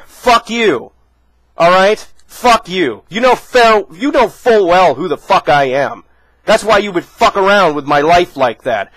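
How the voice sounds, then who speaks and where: Guy with a high voice ranting mad and swearing nonstop, dry close sound. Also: fairly bright tone, dry recording, poor audio. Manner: furious, profane, confrontational. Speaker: vlogger. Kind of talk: angry rant to camera.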